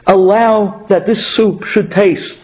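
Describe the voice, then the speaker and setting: A humble, poor woman speaks earnestly and pleads, voiced by a man with a high voice in a religious talk. The recording is dull and lo-fi. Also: steady tone, slow pace. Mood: pleading. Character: humble poor woman, a water carrier's wife.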